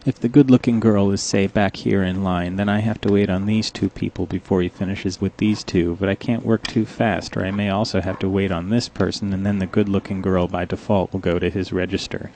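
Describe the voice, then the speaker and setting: A young man tells a comic story in a deep, gravelly voice. His delivery is deadpan and dryly complaining. A faint hiss runs under the recording. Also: fairly quick, hardly any pauses. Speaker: coffee shop cashier narrator.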